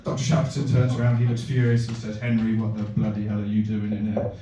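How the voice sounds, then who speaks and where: Comedian telling a story in an echoey room. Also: male voice, on the low side, completely flat delivery, fast, warm tone, distant mic, a little hiss or hum. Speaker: stand-up comedian. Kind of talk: stand-up storytelling. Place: comedy venue with live audience. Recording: echoey room miked from afar.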